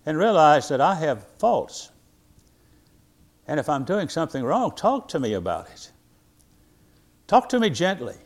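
Old man in his 80s preaching, slightly high voice, loud then quiet, very lively. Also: a little slow, pauses often. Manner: emphatic preaching, swinging between loud and quiet; reads scripture aloud in old-fashioned wording. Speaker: pastor. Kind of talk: sermon.

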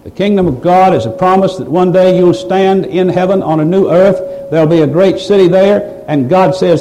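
A man's voice: on the high side, moderate pace, few pauses, mellow, slight background noise, poor audio. A man preaching a sermon, pressing his listeners with rhetorical questions and building to emphatic, raised passages. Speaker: pastor.

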